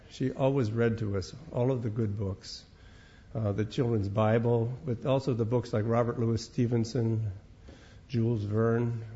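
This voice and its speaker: An older man from Minnesota tells stories in a lecture, wry and unhurried, often repeating words as he goes. His voice sits at a middle pitch. The recording is dull and lo-fi. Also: mellow. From Minnesota, United States. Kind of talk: storytelling lecture.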